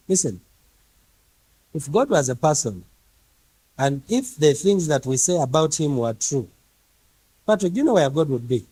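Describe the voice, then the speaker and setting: A man's voice: fairly high pitch, lively intonation, normal speed, pauses often, warm tone, dry recording, rough recording. A man preaching a sermon emphatically, firing rhetorical questions at his congregation and piling up repeated phrases.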